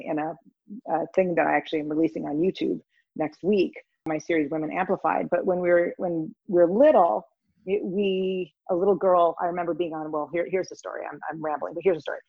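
A woman's voice: on the low side, no room sound, highs cut off. A woman guest in an interview, telling stories with animation and acting out the voices of people in them. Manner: animated storyteller, acts out voices in anecdotes. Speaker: guest, communication consultant. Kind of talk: conversational storytelling interview.

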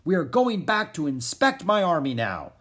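A man's voice: on the high side, big pitch swings, normal speed, a bit bright, pitched above the performer's own voice. A man voicing a proud, eager young prince of the ancient world, making grand, earnest declarations in a storybook reading.

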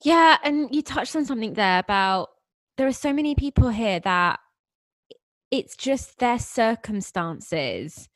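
A woman's voice: a little high, animated, unhurried, fairly bright tone, dry recording. Dry-sounding woman interviewer. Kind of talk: casual interview talk.

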